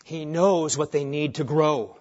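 A middle-aged man preaching a sermon as pastor, swinging between hushed asides and loud, emphatic points. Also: fairly high pitch, unhurried. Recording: dull lo-fi sermon recording.

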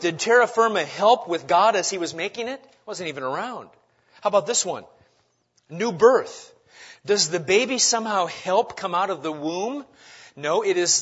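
Pastor guy preaching, highish voice, loud then quiet, muffled lo-fi sound. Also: expressive, moderate pace, husky. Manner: emphatic preaching with rhetorical questions and big swings in loudness. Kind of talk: sermon.

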